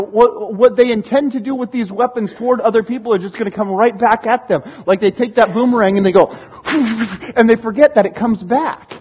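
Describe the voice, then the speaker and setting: High husky guy preaching, laughs a lot, acts out quotes, kinda muffled lo-fi sound. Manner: animated, laughing, acting out quoted voices. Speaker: pastor. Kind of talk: sermon.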